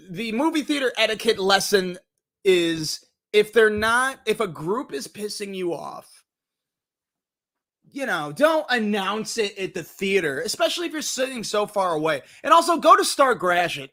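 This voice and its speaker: A young man hosting a casual movie review stream, telling stories animatedly and swearing freely. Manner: animated storytelling, swears freely, jumps in pitch acting out quotes.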